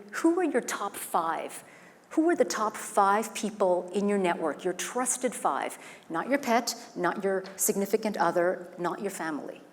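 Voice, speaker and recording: A woman facilitating a workshop, speaking earnestly and guiding the room with questions. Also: lowish voice. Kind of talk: live workshop talk. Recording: echoey hall with faint noise.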